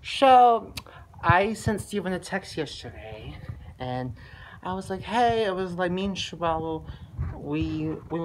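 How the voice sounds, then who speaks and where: A woman's voice: lowish voice, expressive, unhurried, a little hiss or hum, rough recording. A woman telling a vlog story in a heated, profane way. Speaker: vlogger.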